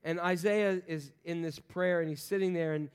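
Animated high-voiced male preacher. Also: moderate pace, clear, resonant tone. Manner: animated, acts out voices in quotes, jokes with the congregation. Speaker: pastor. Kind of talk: sermon.

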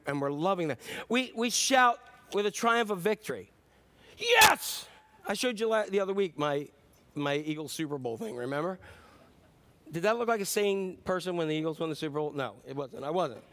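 A man preaching a sermon as pastor, animated and joking with the congregation, acting out shouts and voices. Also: high-pitched. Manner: jokes with the audience.

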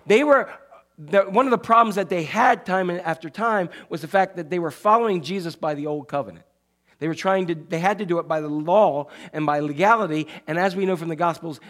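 A man preaching a sermon as a pastor, conversational and playful, often checking in with his listeners. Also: fairly high pitch. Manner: playful, jokey asides.

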